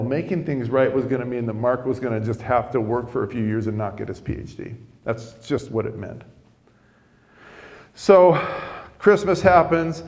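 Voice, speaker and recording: A man's voice: mid-range voice, a little mellow, big-room sound. A middle-aged man preaching a sermon as a chatty story, often repeating words as he starts his lines. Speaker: pastor. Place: church sanctuary.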